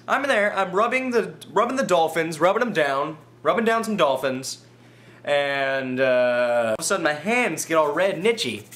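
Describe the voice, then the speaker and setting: A man vlogging comic personal stories in an animated, exaggerated way, dropping low and then bursting up high with excitement. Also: moderate pace.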